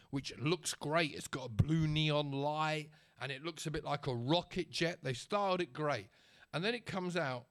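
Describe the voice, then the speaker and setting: Man with a slightly raised pitch for a casual vlog rant, sarcastic and conversational. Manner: chatty and sarcastic, checks in with the listener. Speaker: vlogger.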